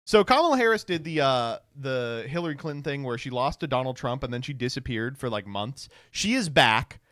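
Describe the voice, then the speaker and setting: A man's voice: medium pitch, normal speed, fairly bright tone, dry recording, clean studio sound. A man streaming reaction commentary, sarcastic and swearing, laughing often.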